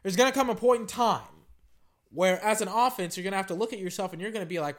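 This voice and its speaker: A man sits at home with a desk microphone, talking through a football game as it plays. His voice is bright and sharp, and he rants, gets worked up and swears casually at the players. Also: high voice, quick pace. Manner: animated, ranting, swears casually. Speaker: sports commentator. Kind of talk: casual live game commentary. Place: home living room.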